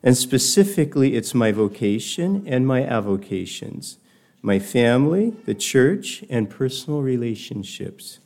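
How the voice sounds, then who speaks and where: A man's voice: medium pitch, sing-song, unhurried, gravelly, a little mellow. An older man giving a reflective personal talk, telling stories in a thoughtful, digressive way.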